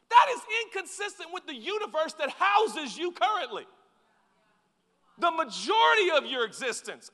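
A man preaching a sermon in an animated, conversational manner, tossing asides to his listeners. His voice sits high and bright, with lively swings in pitch. A long hall reverb follows him. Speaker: pastor.

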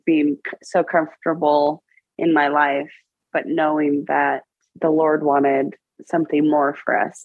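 A woman around forty, a guest in an interview, tells a personal story in an emotional, halting way with many restarts. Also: low-pitched, slightly rough, dry recording, phone-quality sound.

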